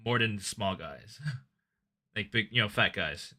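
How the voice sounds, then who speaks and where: A man with a tense, bright voice and a fairly low pitch chats as a stream guest. He hedges and stumbles over his words. He keeps defending himself in a casual tone. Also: expressive, measured pace. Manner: defensive, hesitant, repeats himself. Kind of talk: casual chat.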